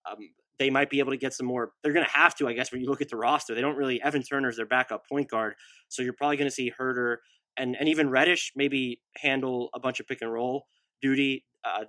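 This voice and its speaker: Brief: male podcast co-host, bright forward tone, dry close sound, runs through lists quickly with asides. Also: mid-range voice, no room sound. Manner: rapid-fire roster lists, offhand asides. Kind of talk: casual sports podcast analysis.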